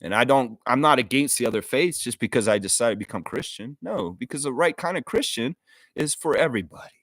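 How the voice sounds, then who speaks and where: Speaking a little fast with lively intonation, a man with a medium-pitched, slightly bright voice hosts a live fan stream, in clean studio sound without echo. His unscripted monologue is earnest and emotional, apologetic and heartfelt, and he keeps restarting sentences.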